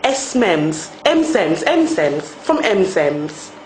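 A woman's voice: fairly low pitch, very animated, darkish tone, slight background noise. A young woman asks questions in a bubbly, gushing manner, her voice swinging up and down with animation. She is recorded in an echoey room. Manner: chatty, gushing, quick follow-up questions. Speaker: interviewer. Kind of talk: casual interview.

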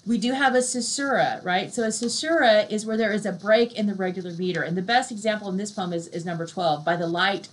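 Woman lecturer, casual classroom delivery, mid-pitched voice, slow, soft poem readings. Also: rough recording. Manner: conversational, often adds "right?" as a check; reads poems aloud slowly and softly. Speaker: literature lecturer. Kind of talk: recorded university lecture.

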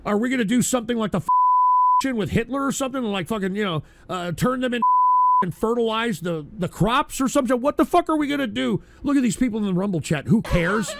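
A male live-stream host ranting through broadcast commentary, profane and combative, swinging into shouting at his chat. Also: very high voice, wildly swooping pitch, brisk, creaky, very noisy.

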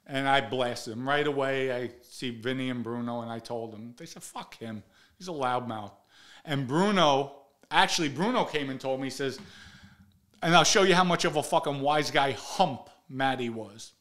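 A blunt older man tells street stories in a casual monologue. He swears freely and talks in a middle-pitched voice, getting loud and sharp whenever he acts out what someone said. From the Bronx, New York. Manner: blunt, profane, acts out quotes in a raised voice. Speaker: show host telling stories.

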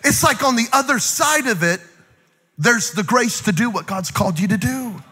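A male pastor preaching a lively sermon to a church congregation, mixing jokes and playful acted-out asides with rising, shouted exhortations. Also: extremely high pitch, moderate pace, breathy edge. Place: large church auditorium. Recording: long hall reverb.

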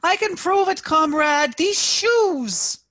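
A woman's voice: very high voice, animated, slow, fairly bright tone, pitched above the performer's own voice, full character voice. A woman reading aloud and voicing a desperate old woman who screeches her pleas of loyalty. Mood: indignant. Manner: screeching, pleading.

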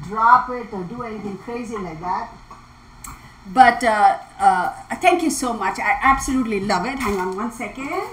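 Bubbly woman, excitable. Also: on the high side, a little hiss or hum, poor audio. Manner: bubbly, excitable, laughs often. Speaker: tarot channel host. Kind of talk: casual livestream chat.

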